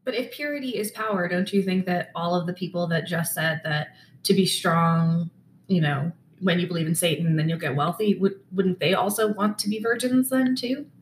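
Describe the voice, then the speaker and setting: A woman's voice: lowish voice, normal speed, a little hiss or hum. A woman co-hosting a casual podcast, wry and teasing, often cutting in. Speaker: podcast co-host. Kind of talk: casual chat about horror movies.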